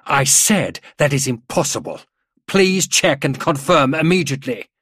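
A man's voice: a little high, animated, moderate pace, fairly bright tone, no room sound, clean studio sound, pitched above the performer's own voice. Man voicing a curt, officious general. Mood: demanding. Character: stern older male Imperial general. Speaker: military general on a vox link.

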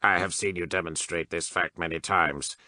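Man doing a very low, sharp-edged, emotionless machine priest: slow, precise, unhurried. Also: steady tone, no echo. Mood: cold. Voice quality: mechanized, emotionless. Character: cold mechanical cyborg male adept, calm and unfeeling.

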